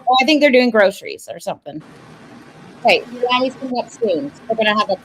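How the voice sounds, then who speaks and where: A woman's voice: fairly high pitch, animated, fast talker, slight background noise, rough recording. A woman streaming and chatting casually as she reacts to clips, musing aloud with small laughs. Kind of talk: casual commentary.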